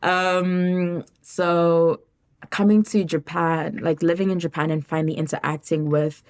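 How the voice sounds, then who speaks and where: A woman from South Africa chatting casually on a podcast, telling stories with lively, acted-out quotes. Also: on the low side, unhurried. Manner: animated storytelling, acts out quoted people. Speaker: podcast guest.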